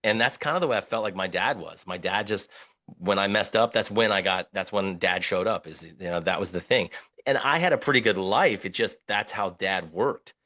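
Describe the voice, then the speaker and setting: A low-voiced man hosting a casual podcast. He talks bluntly with plenty of swearing and halting restarts. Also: sharp tone. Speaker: podcast host.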